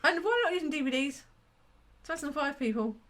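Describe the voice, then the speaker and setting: A woman with a bright voice co-hosts a casual film review podcast. She talks in a loose, chatty way, laughs often and leans on filler words. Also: sits high, expressive, fast talker. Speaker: podcast co-host.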